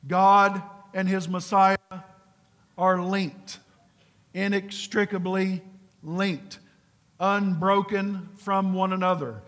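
A man preaching a sermon, earnest and pleading, who drops to a hushed low voice for emphasis. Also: steady tone, slow, pauses often. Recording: long hall reverb.

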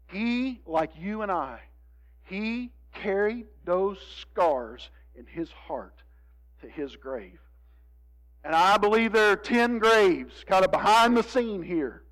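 A man preaching a sermon, moving between hushed, drawn-out lines and emphatic appeals to his congregation. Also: sits high, lively intonation, low-quality recording. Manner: dramatic, swings from hushed to emphatic, addresses congregation. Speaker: pastor.

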